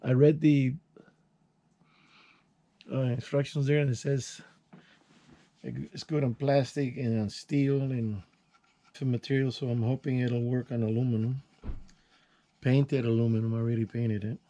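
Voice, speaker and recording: Working with his hands as he vlogs, an older channel host wanders casually from story to story in a relaxed, mellow voice. He speaks at a measured pace, pausing often, and his folksy, unpolished style includes restarts and sound words such as "boom."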